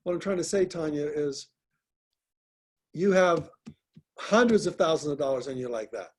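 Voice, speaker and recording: A man's voice: fairly high pitch, animated, moderate pace. A man hosting a group call, coaching listeners in a direct, encouraging way and often repeating himself. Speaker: host, business coach.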